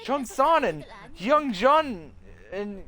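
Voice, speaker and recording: A man's voice: very high voice, very animated, very slow, bright, forceful tone, pitched above the performer's own voice, full character voice. A man voicing a worried, earnest young female schoolteacher in a game. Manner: earnest and concerned.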